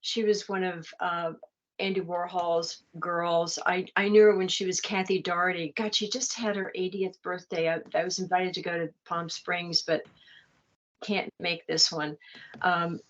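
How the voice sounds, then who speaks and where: A woman's voice: fairly low pitch, level tone, measured pace, dull audio. An older woman, a guest in a casual chat, telling anecdotes with laughter. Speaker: interview guest. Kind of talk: casual storytelling.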